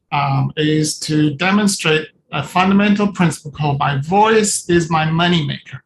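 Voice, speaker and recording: A coach giving a live presentation on a video call. The delivery is animated and playful, with little scenes acted out. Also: mid-range voice, slight background noise, low-quality recording. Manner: animated and playful, acts out little scenes while talking to a participant. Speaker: coach presenting at a virtual summit.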